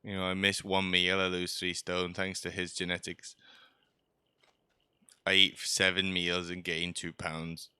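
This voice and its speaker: Bright-voiced chatty man. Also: low voice, completely flat delivery, measured pace, smooth, no room sound. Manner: chatty, joking, sarcastic asides. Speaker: streamer. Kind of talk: rambling gameplay commentary.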